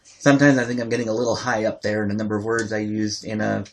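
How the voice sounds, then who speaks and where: A man in his thirties talks with a gravelly edge in his voice. He is a guest on a casual podcast and speaks bluntly as a worn-out parent. He swears without thinking about it. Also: on the low side, level tone, quick pace. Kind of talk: casual chat.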